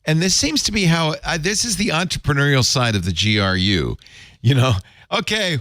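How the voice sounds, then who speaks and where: A man hosts a casual tech talk show. His voice swings up and down with a lively, animated lilt and often breaks into chuckles and joking asides. The sound is close and dry. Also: on the high side, normal speed, no room sound. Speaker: podcast host.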